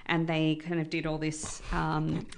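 A woman's voice: low-pitched, monotone, unhurried, vocal fry. A woman co-hosting a drive-time radio show, chatting earnestly and laughing along with her co-host. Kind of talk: casual radio banter.

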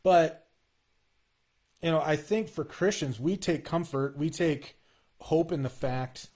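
A man in a casual, earnest conversation about faith, talking in halting bursts with frequent restarts. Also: on the high side, a little mellow, breathy edge.

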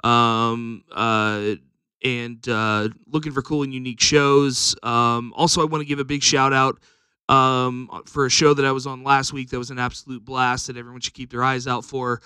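A man who books comedy shows runs through upcoming dates on his podcast. His voice is bright and crisp at a middle pitch, recorded dry and close. He meanders and fills pauses with "um.". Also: steady tone, no room sound. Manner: rambling announcements with many ums. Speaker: comedy show booker and podcast co-host. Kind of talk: casual podcast chat.

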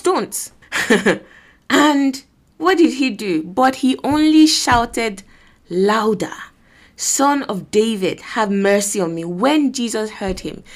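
Earnest Nigerian woman preaching. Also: on the high side. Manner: earnest, exhorting, acts out voices and quotes. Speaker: preacher and podcast host. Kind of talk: sermon.

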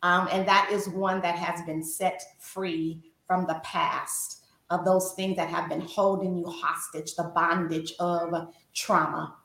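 Slow, bright-voiced woman coach, echoey room. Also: on the low side, level tone, vocal fry. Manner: earnest and encouraging, many "um" pauses. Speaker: wife coach and show co-host. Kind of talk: faith-based coaching talk, preacherly.

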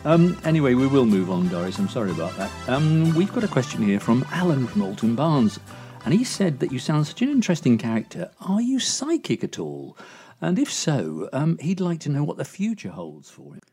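Hesitant male host, lively voice. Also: mid-range voice, brisk, faint music behind. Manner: hesitant, lots of "um" while reading letters. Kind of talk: comedy sketch chat.

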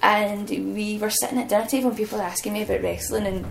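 A young woman, a wrestler, telling lively stories as an interview guest and laughing often. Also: mid-range voice, fast, creaky, a little hiss or hum, low-quality recording. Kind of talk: casual anecdotal storytelling.

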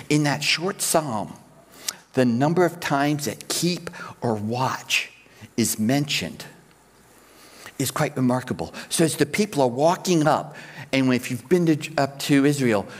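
A man's voice: medium pitch, in a large hall. A man preaching a sermon as pastor, explaining his points step by step and counting ideas out in threes.

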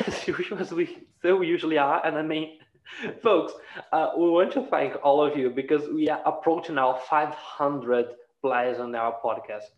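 A talkative man hosting a casual podcast, laughing often and throwing in animated asides. His voice sits a touch high. The recording is dull and lo-fi, with a roomy echo around him. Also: normal speed. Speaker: podcast host.

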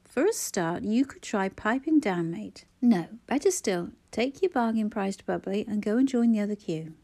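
A woman as a sharp-tongued sarcastic shopper. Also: medium pitch, animated, moderate pace. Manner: sarcastic, crisp emphasis.

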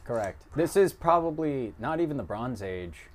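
A man co-hosting a casual podcast chat, rambling through half-remembered history, quick to correct the others and swearing casually. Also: mid-range voice, sing-song. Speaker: podcast co-host.

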